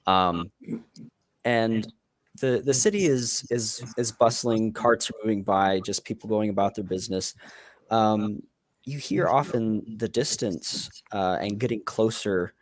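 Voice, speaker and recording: A man narrating a tabletop game as game master, pausing often and restarting his sentences. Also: on the low side, dry recording. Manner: halting, with many fillers and restarts.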